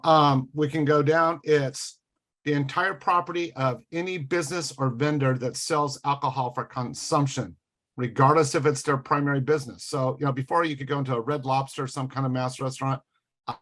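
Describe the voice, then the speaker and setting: A man speaking as a guest on a casual podcast, in a middle-pitched voice. He lays out his points one by one, with a dry, sarcastic edge. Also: fairly even intonation, a little fast, a bit bright.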